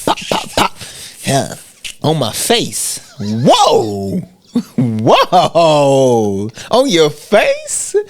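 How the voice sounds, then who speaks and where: A man's voice: a little high, huge pitch swings, drawn-out words, voice pushed up, heavily acted. A man doing a crude New York soldier. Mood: crude glee. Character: jacked young male soldier, crude and eager.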